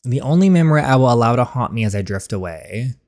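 Haunted young prisoner, read by a man, soft, melancholy, slow inner monologue, story game. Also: medium pitch, lively intonation, natural voice. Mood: brooding.

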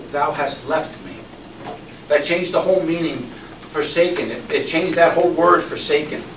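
A man preaching a sermon as a pastor, passionate, swinging between loud emphasis and hushed repetition. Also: a little high. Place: church hall. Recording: echoey room recorded from far off with background noise.

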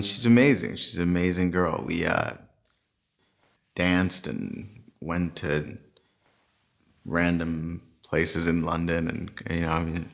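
An awkward American actor. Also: male voice, sits low, vocal fry, fairly bright tone, heavily acted. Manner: awkward, halting, stumbling over his words. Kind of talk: short film acting.

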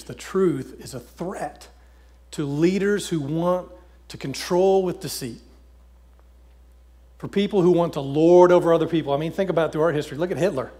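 A man preaching in a loose, conversational style, full of little fillers and restarts as he retells scripture. His voice sits a touch higher than most men's. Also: darkish tone. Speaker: pastor. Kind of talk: casual sermon with scripture reading.

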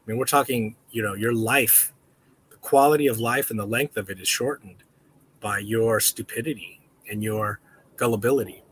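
A man hosting a casual livestream, talking in a rambling, halting way with many restarts, and switching to high baby talk when addressing a dog. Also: fairly bright tone, slight background noise. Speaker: livestream host.

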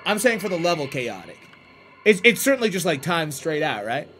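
A man's voice: fairly high pitch, very animated, a little fast, fairly bright tone, slight background noise. A man streaming a horror game live, bantering with chat in a hyped, profane, teasing way.

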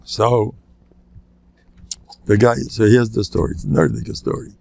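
An older man, a rabbi giving a talk, tells anecdotes in a lecture, laughing at his own jokes and doing the voices of the people in his stories. His voice is on the low side, gravelly and darkish, with fairly even intonation and an unhurried pace. There's no room sound.

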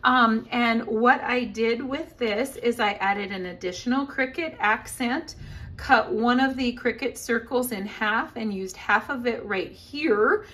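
A woman's voice: a little high, unhurried, a bit bright. A woman giving a casual crafting tutorial, talking in a chatty, upbeat way with frequent fillers. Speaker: scrapbooking demonstrator.

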